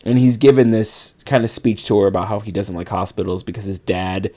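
A man with a fairly low voice recaps a film for a podcast co-host. He rambles casually and leans on filler words. He keeps it loose and conversational. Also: steady tone, brisk, mellow. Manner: rambling retelling with many likes and you-knows.

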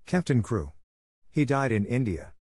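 A man voicing a quiet, grave young orphaned schoolgirl in a storybook reading, his voice raised in pitch for her. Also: big pitch swings, measured pace, husky, no room sound, studio quality, exaggerated voice. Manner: quiet, soft-spoken.

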